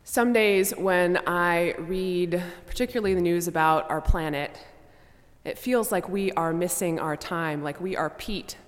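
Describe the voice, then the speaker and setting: A woman pastor preaching a measured sermon, her voice softening to a hush on sombre lines. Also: on the low side. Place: church sanctuary. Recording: long church reverb.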